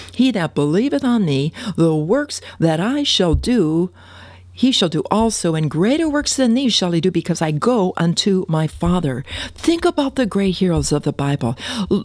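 A woman's voice: lowish voice, no echo. Woman preaching a sermon, dry close sound. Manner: earnest exhorting, quoting scripture, warm direct address to listeners.

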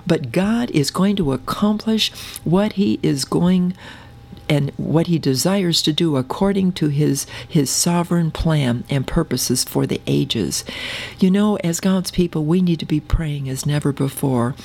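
Woman preacher, low gravelly voice, earnest, slows for scripture. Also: warm tone. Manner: earnest, slows for scripture, addresses listeners as beloved. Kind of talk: sermon with scripture reading.

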